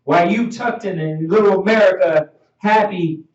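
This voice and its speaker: A man teaching a Bible class in an animated preaching style, laughing often and calling for each verse to be read. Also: high voice, moderate pace. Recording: dull echoey room audio from far off.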